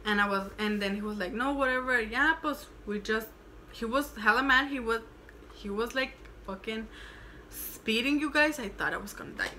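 A woman's voice: fairly high pitch, normal speed, sharp tone, a little hiss or hum. Chatty young woman telling a story. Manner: chatty, swearing, switching into Spanish. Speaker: vlogger. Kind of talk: casual storytime.

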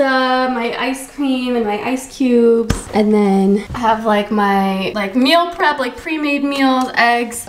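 A woman in her twenties chatting casually in a vlog, giggly and full of "like". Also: high voice. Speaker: vlogger. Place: apartment at home. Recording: echoey room, faint noise.

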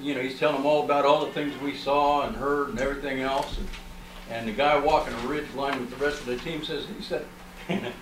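A man telling an audience a long story, rambling along with many "uh" and "you know" fillers. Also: medium pitch. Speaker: researcher presenting findings. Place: library meeting room. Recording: roomy, distant, with faint noise.

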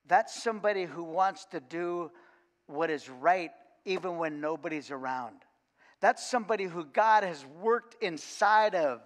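A man's voice: on the high side, unhurried. Man telling stories in a reverberant church. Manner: lively anecdotal storytelling with restarts and humor. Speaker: coach giving a sermon. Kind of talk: sermon storytelling. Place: church sanctuary.

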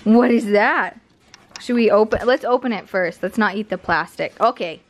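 A woman's voice: mid-range voice, moderate pace, slight background noise. A woman filming at home at Christmas, coaxing her dogs to open presents and voicing their thoughts in a playful way. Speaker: vlogger. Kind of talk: home video, talking to pet dogs.

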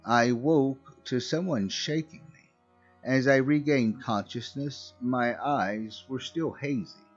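A man narrating a scripted horror story in a slow, measured way. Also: mid-range voice, slightly rough. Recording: muffled recording with faint music.

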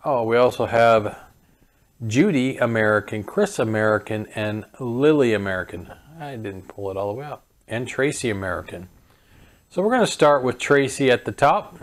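A man's voice: mid-range voice, expressive, moderate pace. A man hosting a casual product demo, thinking aloud in an easygoing way as he clicks through a robot's settings. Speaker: host demonstrating a home robot.

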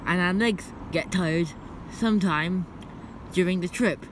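A male channel host in playful, excitable vlog banter. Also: sits high, measured pace, noisy background.

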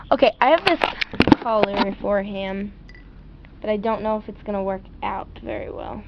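A woman's voice: fairly high pitch, normal speed, background noise. A teenage girl filming an unboxing vlog at home, gushing and squealing with delight, in a slightly muffled home recording. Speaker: vlogger. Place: outdoors at home, later indoors.

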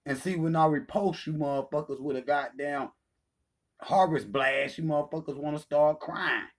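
Man, channel host, profane callout rant, taunting, heated, swearing, somewhat high voice. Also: normal speed. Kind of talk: profane ranting callout video.

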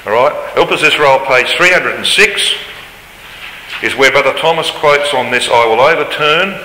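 In a large lecture hall, a man gives an emphatic Bible study lecture, his voice rising whenever he reads scripture aloud. His mid-range voice is pushed and bright with lively intonation at a moderate pace. The recording has roomy hall reverb, faint ambience, and slight background noise.

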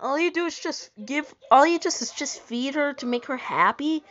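High-voiced silly girl at a theme park. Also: normal speed, a bit bright. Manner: silly, swears, bickers. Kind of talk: casual vlog chat. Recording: muffled lo-fi phone audio with faint music.

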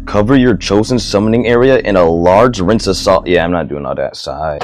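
A man's voice: on the low side, moderate pace, few pauses. A young man hosting his own comedy vlog, rambling goofily and talking to himself. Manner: goofy, rambling self-talk. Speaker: host.

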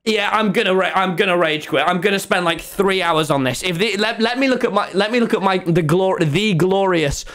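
A man streaming a game live, talking to viewers and ranting excitedly at the screen. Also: high-pitched, a little fast, hardly any pauses. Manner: excitable, exasperated, swears and rants at the screen. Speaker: gaming streamer.

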